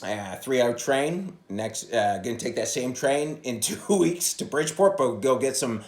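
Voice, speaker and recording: Profane rambling comedian, echoey phone audio. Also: male voice, medium pitch, lively intonation, normal speed. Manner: profane, rambling, jumps into loud impressions. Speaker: stand-up comedian. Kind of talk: casual solo podcast monologue. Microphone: phone propped against a coffee cup.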